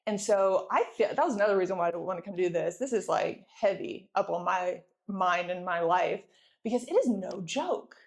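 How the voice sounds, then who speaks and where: A pregnant woman in her thirties giving a lively sales training talk to a live audience, often asking them to answer back. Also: lowish voice, moderate pace, creaky. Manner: energetic, playful, asks audience for responses.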